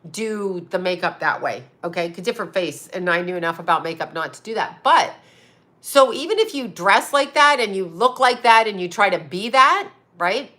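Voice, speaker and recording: Bright-voiced rambling woman livestream host. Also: mid-range voice, animated, normal speed. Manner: rambling, swears, reads viewer comments aloud. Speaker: psychic channel host. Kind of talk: casual livestream chat.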